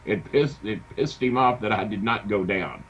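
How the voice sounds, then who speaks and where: A middle-aged man, a wrestling manager telling an animated story in a casual interview. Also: lowish voice, normal speed. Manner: animated anecdote-telling with acted quotes. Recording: dull lo-fi sound with faint hiss.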